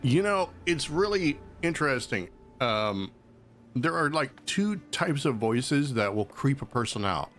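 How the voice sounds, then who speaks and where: A man's voice: medium pitch, big pitch swings, unhurried, fairly bright tone, faint music behind. A man chatting casually as a streamer while he plays a game, rambling and joking along. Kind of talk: casual gameplay commentary.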